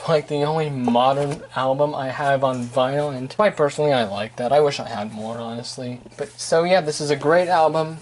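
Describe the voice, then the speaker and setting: A man's voice: on the high side, a little hiss or hum, poor audio. A man hosting his own channel, giving casual, rambling album reviews with tongue-in-cheek, mock-prudish asides. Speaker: channel host reviewing vinyl records.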